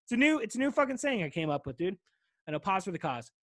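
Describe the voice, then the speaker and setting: A man's voice: high voice, sing-song, a little fast, dry recording. A man hosting a podcast in loose casual chat, rambling and swearing often, with a tired voice. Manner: rambling, swears often, says "dude" constantly. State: voice wearing out. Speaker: podcast host.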